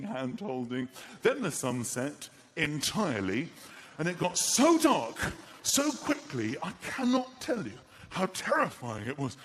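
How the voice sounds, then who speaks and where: A middle-aged comedian tells an animated story on a live stage, his fairly high voice leaping all over the place as he acts out other people. Loud audience ambience fills the room behind him. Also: background noise. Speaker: stand-up comedian. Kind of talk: stand-up routine.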